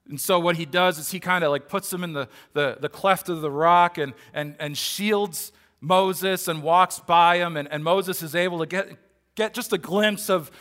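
Bright-voiced male preacher. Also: on the high side. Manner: earnest, conversational preaching with frequent restarts. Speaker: pastor. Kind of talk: sermon.

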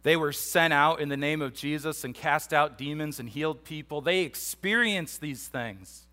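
A man's voice: fairly high pitch, moderate pace. A man teaching a Bible passage in a casual, conversational sermon, animatedly acting out the disciples' voices in his retelling. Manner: casual, animated storytelling that acts out the disciples' voices, with repeated restarts. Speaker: pastor.

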